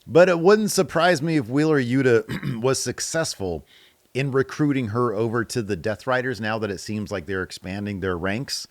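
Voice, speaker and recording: A man's voice: medium pitch, normal speed, dry recording. A man hosting a wrestling podcast, casually reading viewer comments aloud and giving his opinions on them. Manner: chatty, opinionated, laughs at own jokes. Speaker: podcast host.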